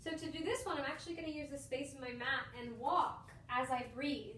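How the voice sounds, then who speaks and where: A woman teaching yoga to children, calm and encouraging, slowing down to guide their breathing. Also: sits high, a little hiss or hum. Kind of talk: gentle guided instruction for children. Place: indoor room with a yoga mat. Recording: echoey room, voice a bit far from the mic.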